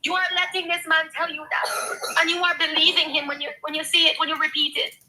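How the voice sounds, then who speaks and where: Impassioned woman near tears, very high. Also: flat delivery, fairly quick, pushed and bright, low-quality recording. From Haiti. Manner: impassioned, repetitive, swearing. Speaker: guest. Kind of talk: emotional livestream talk.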